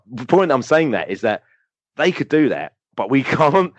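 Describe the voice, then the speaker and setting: A man, a podcast guest telling animated, rambling football fan stories full of fillers. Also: medium pitch, moderate pace, no echo, highs cut off. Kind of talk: casual storytelling interview.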